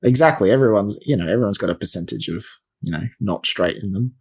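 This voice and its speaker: A man's voice: lowish voice, lively intonation, quick pace, a little mellow, husky. A man co-hosting a podcast in casual, rambling chat full of fillers. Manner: chatty, rambling with many fillers. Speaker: podcast co-host.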